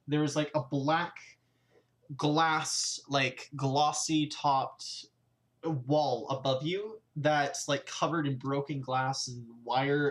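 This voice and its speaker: A man narrating a live-streamed tabletop game as game master, in a loose style full of fillers and restarts. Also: fairly high pitch.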